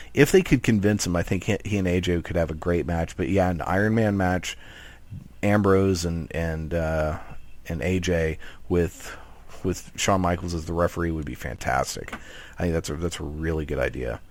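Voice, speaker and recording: A deep-voiced man speaking at normal speed co-hosts a wrestling podcast in casual chat. He's animated and rambling, with lots of restarts.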